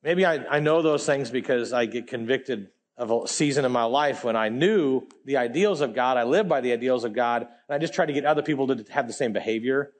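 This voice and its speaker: A man preaching a sermon in a casual, animated way, full of slang, swinging between loud emphatic bursts and quiet low asides. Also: fairly quick, few pauses.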